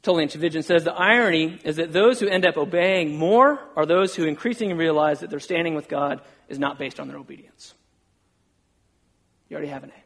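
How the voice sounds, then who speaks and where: A man's voice: fairly high pitch, a little fast, a bit bright. A middle-aged male pastor giving a casual, self-deprecating sermon and acting out quoted conversations.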